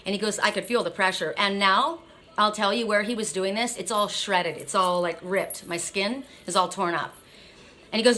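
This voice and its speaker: A woman's voice: mid-range voice, moderate pace, sharp tone. A middle-aged woman in a casual vlog, blunt and swearing as she vents with a numb mouth after dental surgery. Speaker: oracle card reader.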